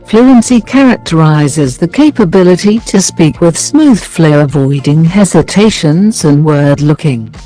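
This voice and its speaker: A narrator reading a scripted English lesson, working through numbered points and example sentences in a measured way. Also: mid-range voice, warm tone, poor audio. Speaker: English teacher.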